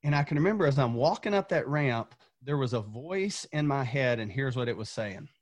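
A man's voice: medium pitch, animated, fairly quick, highs cut off. A man from Tennessee, a former coach, telling an earnest motivational story as a podcast guest, repeating words when fired up.

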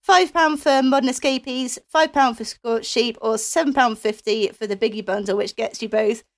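A woman co-hosts a casual gaming podcast and reads the stream schedule in a brisk, upbeat voice. Her pitch sits a little high. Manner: brisk, upbeat announcement reading. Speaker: podcast co-host reading announcements. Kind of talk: casual chat.

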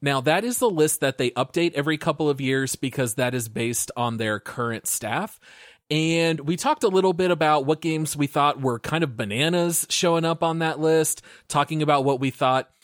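A man's voice: a little high, normal speed, no room sound, studio quality. Upbeat man hosting a podcast. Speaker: podcast host. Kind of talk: scripted podcast intro and casual chat.

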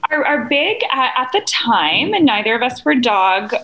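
A woman from Canada speaks as a guest on a casual podcast. She is a company co-founder and explains her work in an earnest, steady way. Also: a little high, normal speed, low-quality recording.

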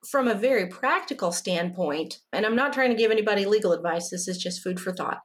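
A woman's voice: medium pitch, lively intonation, fairly quick. Host, female, frank and firm, conversational. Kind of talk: conversational interview.

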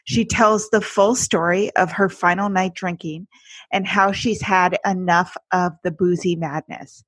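A woman's voice: on the low side, steady tone, measured pace, a bit bright, breathy edge, dry recording. A woman hosting a podcast interview, chatty and enthusiastic as she introduces and questions her guest. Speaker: podcast host.

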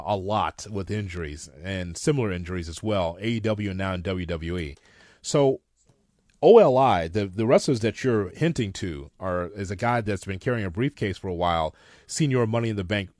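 A man's voice: on the low side, a little mellow, no echo, studio quality. A man co-hosting a wrestling podcast, giving emphatic, opinionated takes in casual chat. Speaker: podcast co-host.

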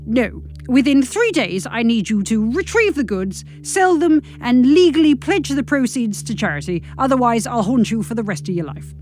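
A woman voicing the petty ghost of a grumpy ex-husband, speaking low, grim and sardonic. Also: sing-song, moderate pace, hardly any pauses, a little mellow.

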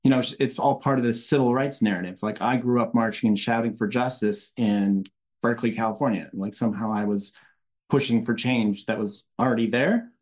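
Measured, conversational man, podcast guest. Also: mid-range voice, a little mellow. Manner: measured, conversational, with light laughs. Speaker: guest author. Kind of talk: interview podcast.

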